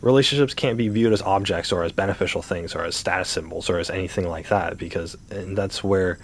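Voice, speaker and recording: A man's voice: low-pitched, fairly quick, slight background noise. A man talking casually while playing a game, ranting with rhetorical questions and swearing. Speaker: gaming streamer. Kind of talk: casual rant while gaming.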